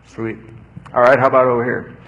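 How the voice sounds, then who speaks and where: A man preaching a sermon who tells a story with lively acted-out quotes, then answers questions from the audience. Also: medium pitch, a little fast, muffled recording, slight background noise. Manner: animated storytelling, acts out quotes loudly. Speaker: pastor.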